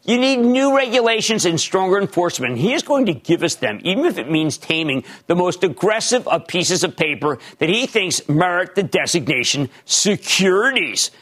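An older man hosting a market call-in show, emphatic and rapid-fire, shouting his catchphrases. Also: high-pitched, big pitch swings. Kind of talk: loud call-in lightning round and commentary.

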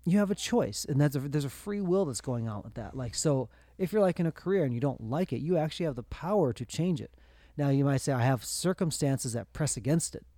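A man riffs on his podcast in a loose, rambling way, piling up fillers as he thinks. His voice is warm and mellow, and the recording is dry and close. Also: a little high, expressive, fast talker, dry recording. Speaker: podcast co-host. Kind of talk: casual podcast chat.

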